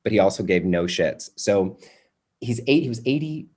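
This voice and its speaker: A young adult man teaching a workshop, telling a family story in a loose, animated way with many fillers like "you know" and "like". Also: on the low side, normal speed, husky. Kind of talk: personal storytelling in a workshop talk.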